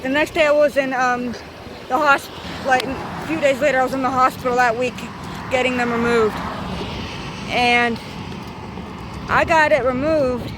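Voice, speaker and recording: A high-pitched woman in her thirties rambles through a profane, repetitive storytime. She is outdoors on a bike, and loud street traffic runs under her voice. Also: fairly even intonation, unhurried, pauses often. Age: 30s. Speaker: vlogger. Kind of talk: storytime vlog.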